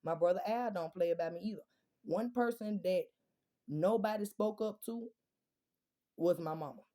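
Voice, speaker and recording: A woman's voice: lowish voice, moderate pace, mellow. Blunt, profane woman. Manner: blunt, profane and fiery, with rhetorical questions. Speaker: vlogger. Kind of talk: casual monologue to viewers.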